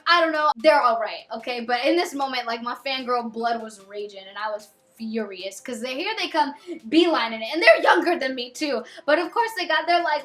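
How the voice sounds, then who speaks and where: A young woman in her twenties telling a storytime vlog with excitable, dramatic, gushing fangirl energy. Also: high voice. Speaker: vlogger.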